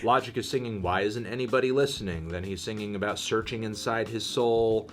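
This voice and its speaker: A man's voice: lowish voice, a little fast. Dry, sarcastic male music critic. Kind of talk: review commentary.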